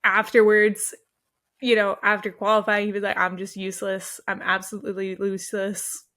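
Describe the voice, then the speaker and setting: A woman's voice: mid-range voice, monotone, normal speed, fairly bright tone. A young woman co-hosting a casual racing recap, laughing often and joking as she talks. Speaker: podcast co-host. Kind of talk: casual sports recap chat.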